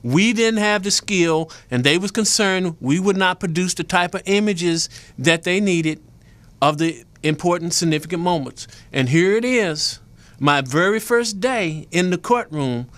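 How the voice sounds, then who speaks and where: A man with a voice pitched a little above the usual recounts his story with real energy. He is animated and theatrical, acting out the people in it as he talks with the show's host. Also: measured pace. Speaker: guest photojournalist. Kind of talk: animated storytelling in a talk show interview.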